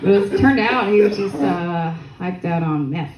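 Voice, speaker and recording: A woman's voice: on the low side, expressive, unhurried, crowd noise. Crude, rambling young woman comic. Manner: crude, rambling, self-mocking. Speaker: stand-up comedian. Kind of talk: stand-up comedy set. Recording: echoey room with faint noise. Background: audience laughter.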